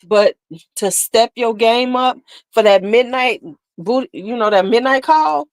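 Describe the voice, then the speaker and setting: A woman's voice: fairly high pitch, a little slow, dry recording. A woman hosting a casual beauty livestream, chatting candidly and sassily with viewers, laughing often. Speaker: beauty channel host.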